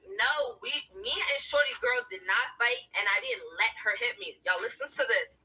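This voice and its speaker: Bright, husky woman telling a story. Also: a little high, fairly quick, few pauses. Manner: animated, profane, talks straight to listeners. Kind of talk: casual storytelling. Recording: distant mic with music underneath.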